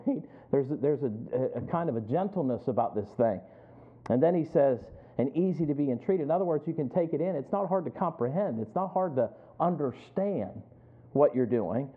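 A man preaching a sermon in a conversational way, calling on listeners by name and building to emphatic peaks. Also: on the high side. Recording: tinny phone-like sound.

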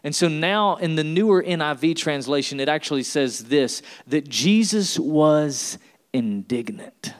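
A man's voice: a little high, lively intonation, unhurried. A man preaching a sermon as pastor, emphatic and building to repeated refrains.

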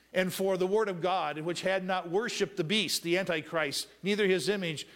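High-voiced preacher swinging from loud to hushed. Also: male voice. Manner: asks the congregation to finish verses with "what?"; swings between loud raised passages and hushed soft asides. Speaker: pastor. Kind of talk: sermon.

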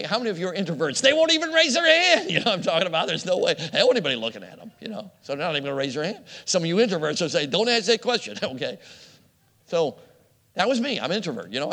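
A man's voice: medium pitch, a bit bright, in a large hall. A middle-aged man preaching a sermon, telling a personal story with self-deprecating humor and frequent laughs.

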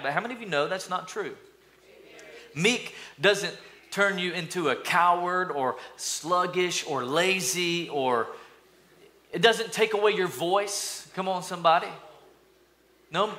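A man preaching a sermon, energetic and playful, calling for responses from the congregation and acting out mock voices. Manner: acts out mock voices with sudden high-pitched bursts. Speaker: pastor.

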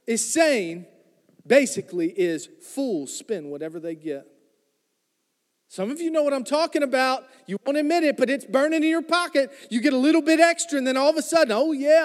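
A man's voice: very high-pitched, big-room sound. A man preaching a sermon, reading scripture and retelling it in a joking, conversational way, calling out to the congregation. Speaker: pastor.

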